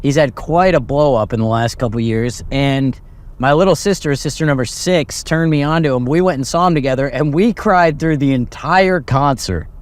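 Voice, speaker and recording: A man's voice: medium pitch, normal speed. A young man co-hosting a comedy podcast, chatting casually, teasing and laughing often. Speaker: podcast co-host.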